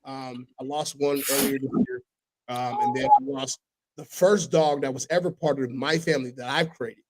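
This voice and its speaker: A man hosting a casual podcast, telling stories with animated delivery and sudden loud impressions. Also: mid-range voice, normal speed, poor audio. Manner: animated storytelling, breaks into loud shouted impressions. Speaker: podcast host.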